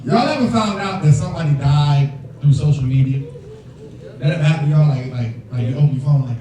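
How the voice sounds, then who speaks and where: A young man performing a stand-up comedy set, telling animated stories and acting out quoted voices, recorded on stage with an audience laughing. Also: fairly high pitch, a little fast. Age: young adult. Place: stage before a live audience. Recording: roomy hall, distant mic, crowd laughter.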